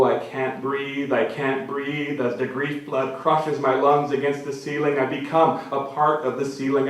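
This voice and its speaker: A man of middle pitch reads his own prose at a live literary event, measured and dramatic, returning again and again to repeated phrases. His voice comes from a distant mic and rings around a very reverberant hall. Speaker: author reading his own work. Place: literary venue before an audience. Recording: very echoey hall from far off.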